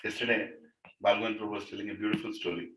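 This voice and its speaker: Man giving a devotional talk in a house, bright voice, roomy sound. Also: lowish voice, flat delivery, fast talker. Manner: conversational, asks the audience "right?". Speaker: devotional speaker. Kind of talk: storytelling talk to a gathering. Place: room in a private house. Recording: roomy, distant mic, faint noise.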